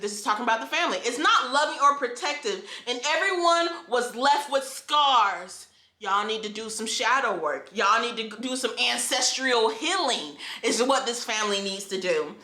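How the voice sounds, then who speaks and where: A woman's voice: high-pitched, sharp tone. A woman in her twenties telling her own story in an emotional vlog, impassioned and emphatic, repeating phrases for force. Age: 20s. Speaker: vlogger. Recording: echoey room.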